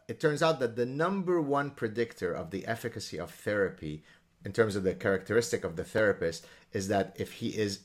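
A man's voice: on the low side, fairly bright tone. A man from the Middle East hosting an interview, talking in an academic way with stammered restarts. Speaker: podcast host. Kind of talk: conversational interview.

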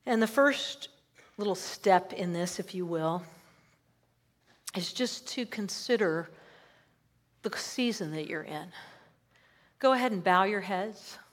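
A woman leading a church congregation in guided prayer, reading scripture aloud gently and pausing between phrases. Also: mid-range voice. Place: church service.

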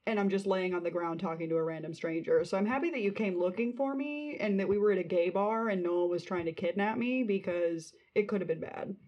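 A woman's voice: medium pitch, fairly quick, few pauses, dull audio. Young woman recounting her night. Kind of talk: casual storytelling chat.

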